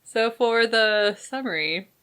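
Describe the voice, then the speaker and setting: A woman's voice: on the high side, slow, a bit bright, clean tone. A young woman co-hosting a movie review show in casual chat, playful and giggly with lots of fillers.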